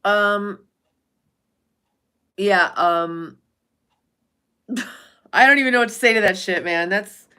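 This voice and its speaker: A woman's voice: mid-range voice, slow pace, pauses often, bright, forceful tone, clear, resonant tone. Brief: woman livestream host, casual chat, blunt and profane, talks straight at viewers by name. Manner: blunt and profane, chatty, reads out viewer names.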